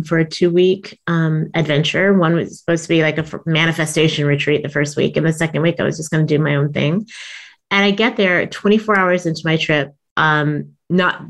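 Animated, laughing woman comedian telling a story. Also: fairly quick. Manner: animated, acts out quotes with big pitch jumps, laughs often. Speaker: guest, comedian and author. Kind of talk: storytelling interview.

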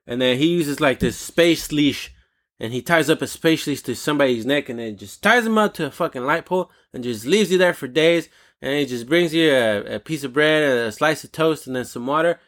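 A man hosting a talk show alone, ranting in a casual, animated and indignant way, swearing freely. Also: on the high side, normal speed. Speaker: podcast host. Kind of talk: casual solo rant.

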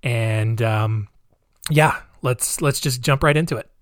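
A man's voice: mid-range voice, slow. A man hosting a casual storytelling podcast. He rambles, uses lots of fillers and adds sarcastic asides. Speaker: podcast host.

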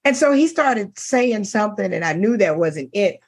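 A middle-aged woman co-hosting a talk show, telling a dating story in casual chat, animated and laughing as she quotes the men. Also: medium pitch, moderate pace, slightly rough.

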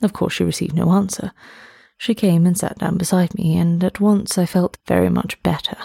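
A woman narrating a story in the first person with an even, measured reading. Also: lowish voice, creaky, slightly rough, no echo.

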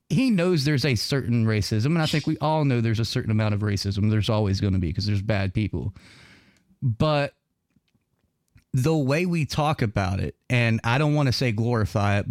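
A man's voice: fairly low pitch, moderate pace, darkish tone, no echo, clean studio sound. A man with a Southern US accent hosting a podcast, talking in a rambling, casual way with lots of fillers and laughs. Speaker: podcast host.

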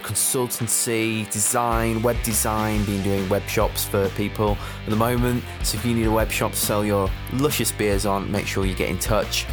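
A male podcast host runs through his plugs in a relaxed, chatty way, with plenty of fillers. His voice sits a little low. Guitar music plays clearly behind him. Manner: chatty, upbeat plugging, filler-heavy. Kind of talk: podcast promo and interview.

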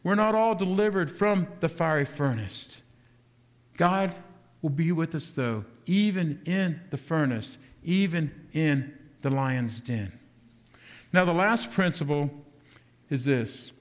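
A man with a notably high-pitched voice preaches a sermon. He is lively, throws rhetorical questions at the congregation, and keeps changing his pace from quick stretches to slow, deliberate ones. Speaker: pastor.

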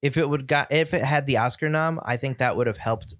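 A man's voice: medium pitch, brisk, fairly bright tone, dry recording. Upstate ny guy on a movie podcast, blunt, opinionated, jokey, dry close mic. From upstate New York. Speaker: podcast co-host. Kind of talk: casual movie discussion.

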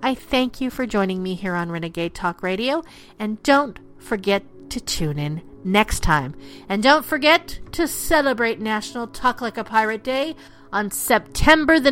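A woman's voice: fairly high pitch, normal speed, faint music behind. A woman hosting a radio podcast, reading a scripted segment and signing off affectionately to her listeners. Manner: lively, affectionate sign-off. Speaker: podcast host. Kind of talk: scripted narration.

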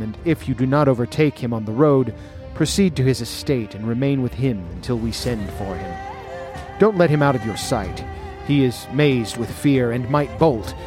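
A man's voice: medium pitch, close to an everyday voice. A man reading as a cold scheming outlaw lord. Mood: commanding. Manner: measured, scornful, domineering. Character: scheming ambitious male outlaw noble, cold and commanding.

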